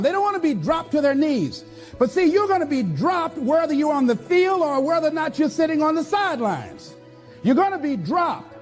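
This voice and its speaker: A man preaching a motivational speech in a strikingly high, strained register. He hammers his points with short, repeated calls to action, and soft music plays beneath him. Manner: fiery, repetitive exhortations to the audience. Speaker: motivational speaker.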